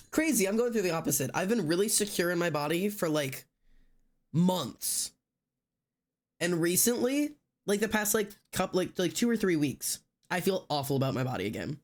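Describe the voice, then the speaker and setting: A young man streaming live, chatting casually and rambling with lots of fillers and restarts. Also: fairly high pitch. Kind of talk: casual chat with stream viewers. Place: indoors at home.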